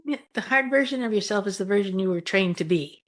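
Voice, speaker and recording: A woman hosting a spiritual talk over a video call, musing slowly and affirming her guest. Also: medium pitch. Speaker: host. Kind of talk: casual spiritual conversation.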